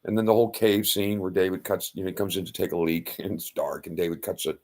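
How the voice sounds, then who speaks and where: A man retelling an old story in casual, animated talk, with loud sound-effect outbursts and blunt profanity. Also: low voice, fast. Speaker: self-styled faith speaker.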